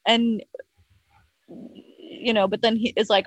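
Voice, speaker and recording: A woman's voice: medium pitch, fairly even intonation, moderate pace, long pauses, no echo. A young adult woman telling a personal story as a podcast guest, chatty, full of "like" and casual swearing, acting out both sides of a past conversation. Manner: chatty, heavy use of "like", swears freely.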